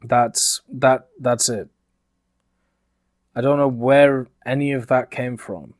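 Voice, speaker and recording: A man with a softened middle-class British accent talks through a gaming commentary in a loose, rambling way, leaning on "uh" as he thinks. His voice sits in an ordinary middle range. The recording is close and dry, with no room sound. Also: mid-range voice, fairly even intonation, takes it slowly, no echo. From Yorkshire, England. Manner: conversational and rambling, frequent uh fillers. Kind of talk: casual spoken commentary.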